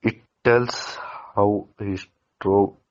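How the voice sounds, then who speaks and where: Brief: low-pitched man, student, reads a lesson slowly with stumbles, dull lo-fi recording. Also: steady tone, a little mellow. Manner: halting reader with small slips and restarts. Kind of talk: reading a textbook lesson aloud.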